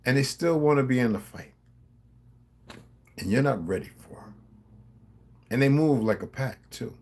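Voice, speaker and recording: A man's voice: medium pitch, lively intonation, normal speed, darkish tone. A middle-aged man with a New Jersey accent, talking to his subscribers in a rambling, profane, confrontational monologue. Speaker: vlogger.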